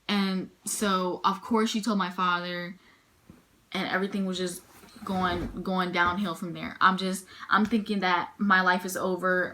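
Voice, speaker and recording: A woman's voice: lowish voice, sharp tone. A young woman in a personal storytime vlog, retelling an emotional story with many quoted lines. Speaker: vlogger.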